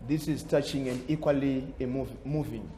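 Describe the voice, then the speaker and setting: A man's voice: medium pitch, fairly even intonation, normal speed, dark tone, roomy sound, slight background noise. A man with a Zimbabwean accent moderating a panel debate, formal in wording and hesitant with frequent fillers.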